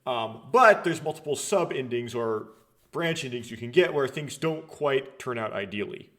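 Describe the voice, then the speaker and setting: A man's voice: medium pitch, animated, normal speed, fairly bright tone. A man hosting a Let's Play, talking casually and rambling, with many restarts and dry sarcastic asides. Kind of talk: casual game commentary.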